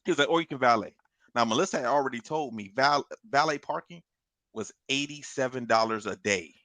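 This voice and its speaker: A man on a podcast telling a long story in a casual, animated way, swearing and laughing as he goes. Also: mid-range voice, brisk, no echo. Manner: animated, profane, laughs through his story. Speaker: podcast co-host.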